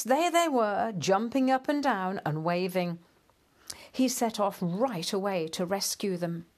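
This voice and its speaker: A woman narrating a children's storybook aloud in a slow, even, measured way. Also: fairly low pitch.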